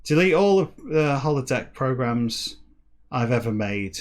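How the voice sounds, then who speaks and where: A man's voice: mid-range voice, expressive, a little slow, close to an everyday voice. A man playing a nervous starship crewman who gives rambling, dithering orders to the computer.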